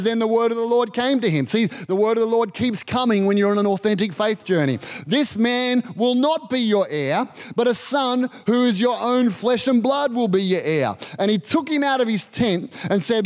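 A man preaching a sermon, lively and conversational, acting out the voices in the stories he tells. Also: high voice, moderate pace. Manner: animated, acts out quoted voices. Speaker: pastor.

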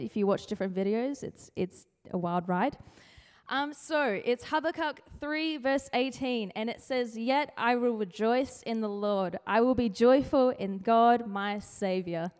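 A fairly high-voiced woman giving a relaxed youth devotion, chatty and playful, slipping into comic voices for the people she quotes. Her voice rings out with a long reverb, as if she is speaking in a large hall. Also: moderate pace, clean tone. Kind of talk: casual youth sermon.

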